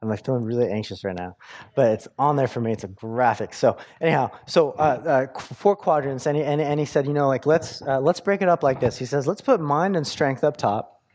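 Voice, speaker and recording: A man's voice: medium pitch, fairly quick, darkish tone. A man preaching a sermon in a conversational way, with lots of fillers and restarts. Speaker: pastor.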